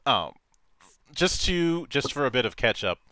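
A man's voice: mid-range voice, sing-song, a little slow, sharp tone, no room sound. A man hosting a casual interview and telling joking stories about his game table. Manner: joking, storytelling. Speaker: interview host, game master.

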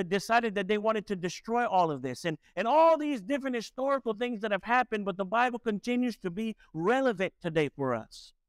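Male pastor, sermon delivery, emphatic and questioning, high register, dry close sound. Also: smooth, no echo. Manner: emphatic preaching with rhetorical questions to the congregation.

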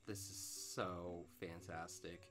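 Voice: deep voice, level tone, takes it slowly, music in the background. A let's play co-host reacting to the game with sarcastic, swear-filled remarks. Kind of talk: gameplay commentary.

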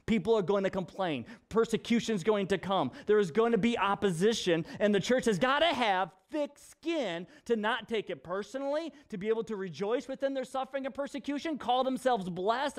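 A man with a very high voice preaches in a casual, conversational way. He is animated and joking as he drives his points home. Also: a little fast, few pauses. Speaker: pastor. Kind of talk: sermon in a casual vlog.

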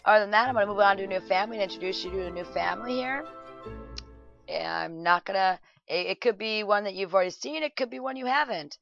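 Woman on a dull dry mic, yelling and laughing at her sims game. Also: medium pitch, quick pace, creaky, no echo, faint music behind. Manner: excitable, shouts at the screen, laughs a lot. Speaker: gameplay video host. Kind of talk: casual gameplay commentary.

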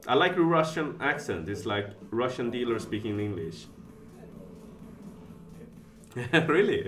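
A man commentating his own live stream. He thinks out loud, reads chat messages and jumps from mutters to shouts of excitement. His pitch swings widely and lively. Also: slow, long pauses, faint music behind. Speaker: casino streamer.

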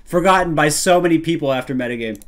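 A man streaming a live reaction to a video, playful and prone to bursts of loud hype yelling. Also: on the high side, fast.

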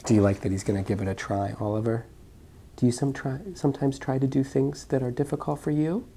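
A woman's voice: rumbling low, brisk, slight background noise. A woman in her thirties reading a picture book aloud to her young son, stopping often to ask him questions. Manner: animated, asks the child lots of questions. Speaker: physician reading to her child.

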